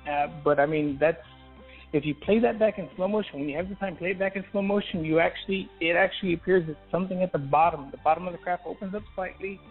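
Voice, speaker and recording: A man calling in to a radio show, hesitant and halting, full of fillers and restarts. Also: sits high. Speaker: caller. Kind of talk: call-in radio talk. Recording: tinny phone line with faint music.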